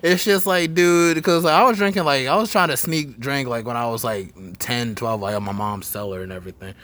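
A man's voice: medium pitch, fairly quick, a bit bright, dry recording. Young male podcast host, easygoing slang-heavy chatter, lots of fillers. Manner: laid-back slangy storytelling, many fillers. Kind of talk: casual chat.

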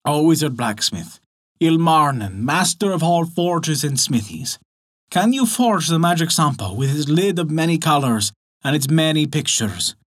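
A man voicing a flattering old female witch in a folktale, speaking slowly and ceremoniously. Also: fairly high pitch.

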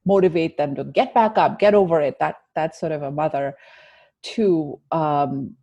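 A woman's voice: sits low, moderate pace, vocal fry, warm tone, no echo, dull audio. A woman guest telling a personal story in an interview, earnest and reflective, with frequent restarts.

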